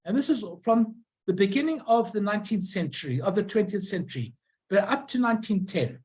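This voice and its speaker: A presenter giving an informal illustrated talk on old stamps and postcards, pausing often, restarting phrases and correcting themselves. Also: mid-range voice, animated, darkish tone, poor audio. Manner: halting, many restarts and self-corrections.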